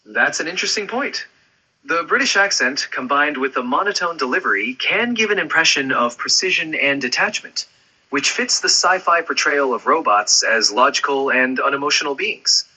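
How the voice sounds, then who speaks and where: This male AI assistant voice answers in polished, agreeable phrasing. His timbre is very bright and edged with a slight huskiness. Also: a little high, animated, moderate pace, breathy edge, low-quality recording. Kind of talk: conversational assistant replies.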